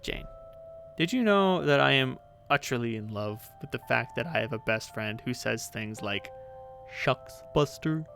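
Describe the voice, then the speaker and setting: A man's voice: medium pitch, moderate pace, gravelly, fairly bright tone, faint music behind. A man voicing a tipsy, teasing teenage girl in a read-aloud webcomic. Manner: drawling, teasing.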